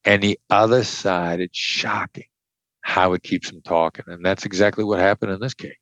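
A man's voice: deep voice, steady tone, moderate pace, fairly bright tone, dry recording. An older man from the Midwest, a former hostage negotiator, explaining his techniques bluntly and emphatically in an interview. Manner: emphatic, blunt, repeats key points. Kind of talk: conversational explanation.

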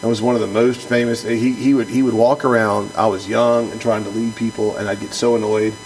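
A man's voice: on the low side, flat delivery, fairly quick, darkish tone, a little hiss or hum, poor audio. A man who is a pastor co-hosting a podcast, reading from a book and then talking it over in an earnest, emphatic way, often restarting and repeating words.

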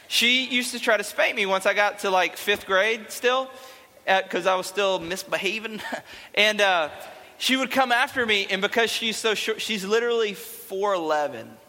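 Bright-voiced young man speaking to a crowd. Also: high voice, long reverb tail, a little hiss or hum. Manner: animated, playful, chatty. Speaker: youth speaker. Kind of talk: youth talk to a live audience. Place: large hall with an audience.

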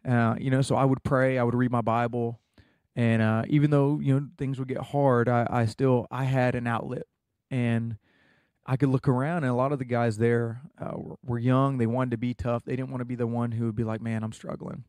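A man's voice: mid-range voice, flat delivery, a little fast, darkish tone, clean tone, no echo, studio quality. Earnest young man telling his story. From United States. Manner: earnest storytelling, many fillers. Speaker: guest. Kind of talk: casual testimony interview.

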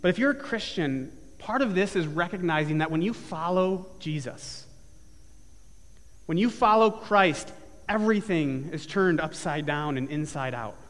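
Casting: a male pastor with a high voice, earnest storyteller, mic'd in a church with long reverb. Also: unhurried, fairly bright tone. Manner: earnest storytelling, building to emphatic repeated phrases. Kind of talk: sermon. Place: church sanctuary with live and online congregation.

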